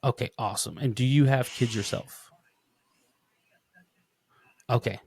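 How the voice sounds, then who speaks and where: Male podcast host, mid-pitch voice, rambling and animated, close dry mic. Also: unhurried, vocal fry, slightly rough, dry recording. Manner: rambling, animated storytelling with many restarts. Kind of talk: casual interview chat.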